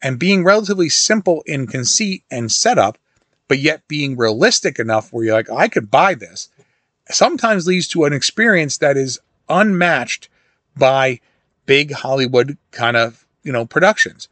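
With an expressive, medium-pitched, fairly bright voice at a moderate pace, a middle-aged man hosts a casual horror-film talk. He rambles through stories with many restarts and asides, and there's no echo.

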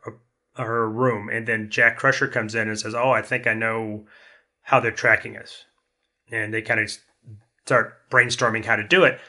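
A man's voice: mid-range voice, sharp tone. A man chatting casually as a podcast panelist, rambling with many restarts. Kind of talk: casual chat.

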